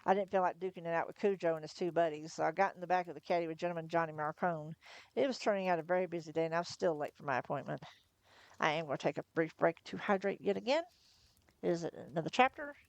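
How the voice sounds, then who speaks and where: A woman reading a novel aloud on a livestream in first person, chatty between chapters, her voice going hoarse. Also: on the low side, quick pace, no echo. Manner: chatty, laughs between asides. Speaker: livestream storyteller.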